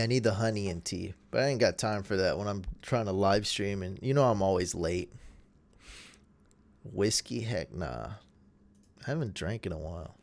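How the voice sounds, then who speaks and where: Man, hoarse, gravelly, lowish voice, casual livestream chatter, close desk mic. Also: a little mellow. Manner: rambling, self-deprecating, talks to viewers. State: hoarse, losing his voice. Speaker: fantasy football streamer. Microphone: desk mic, at times held close.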